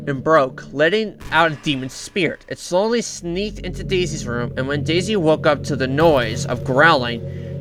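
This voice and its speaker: A young man casually reading a fan story aloud and reacting, rambling and correcting himself, with excited shout-outs. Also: a little high. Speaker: channel host reading fan lore. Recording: music playing underneath.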